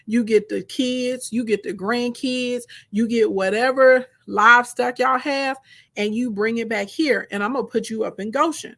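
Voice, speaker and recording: A man's voice: very high-pitched, moderate pace, creaky, a bit bright, full character voice. A woman voicing a forgiving, powerful man who talks to his brothers in emphatic, streetwise phrasing.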